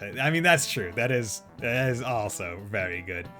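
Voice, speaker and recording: A young man rambles and jokes his way through a game stream, laughing easily as he talks. His pitch swings lively and freely, with faint game music playing softly behind him. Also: a little fast. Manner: joking, rambling, laughs often. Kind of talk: casual gameplay commentary.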